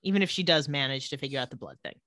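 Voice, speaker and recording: A woman's voice: extremely low pitch, racing, no echo. A woman co-hosting a podcast, recapping a TV episode in casual chat and acting out the characters' lines. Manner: lively storyteller who acts out quoted lines.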